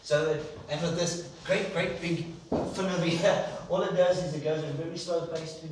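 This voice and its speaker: A man's voice: on the high side, steady tone, normal speed, slight background noise. A man preaching an enthusiastic sermon in a church, repeating words for emphasis. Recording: echoey church hall from far off.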